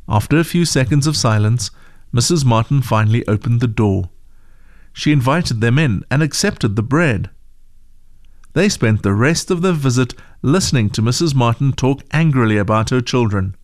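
A man's voice: medium pitch, expressive, moderate pace, dry recording. A man narrating a Christian devotional story in an earnest storytelling manner. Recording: dry close mic with faint music.

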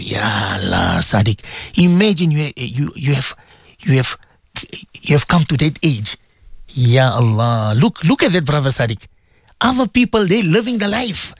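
A man's voice: medium pitch, big pitch swings, normal speed, creaky, dry recording. A middle-aged man, hosting a radio show in an emotional, rambling monologue that he speaks straight to his co-host and his listeners.

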